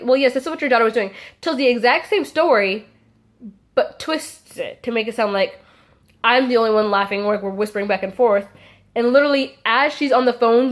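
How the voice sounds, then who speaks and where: A young adult woman telling a casual storytime to her vlog audience, chatty and full of "like" fillers. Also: a little high. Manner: chatty, frequent "like" fillers, acts out quotes. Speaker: vlogger.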